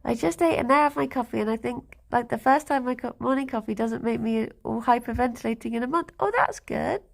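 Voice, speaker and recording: A woman's voice: fairly high pitch, fairly quick, gravelly. A woman streamer chatting casually on a livestream, answering her chat and cooing to her pet rabbits.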